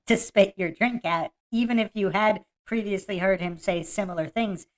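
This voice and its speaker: A woman hosting a podcast, laughing often and mocking as she talks through a debate clip and reads chat comments aloud. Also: medium pitch. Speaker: podcast host. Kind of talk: casual live-stream commentary.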